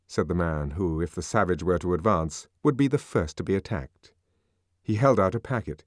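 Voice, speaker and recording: A man's voice: sits low, big pitch swings, normal speed, darkish tone, dry recording, clean studio sound. A man reading a novel aloud as narrator, in a dramatic, varied manner. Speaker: audiobook narrator. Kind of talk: scripted narration.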